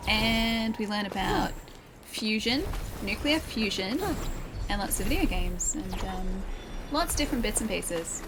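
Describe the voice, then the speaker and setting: A woman's voice: medium pitch, lively intonation, measured pace, noisy background. A woman streaming a video game, joking with her chat in casual commentary. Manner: playful, jokey banter with chat. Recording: game music underneath.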